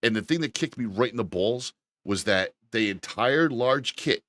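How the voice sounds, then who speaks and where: A man co-hosting a casual podcast, telling an animated, exasperated story with frequent profanity. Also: mid-range voice, normal speed, dry recording, clean studio sound. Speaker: podcast co-host. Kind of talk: casual chat.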